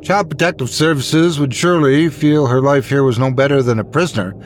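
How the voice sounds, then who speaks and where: A man reading a horror story aloud in a measured, suspenseful way. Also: medium pitch, steady tone, a little hiss or hum. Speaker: narrator. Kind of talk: scripted horror story narration.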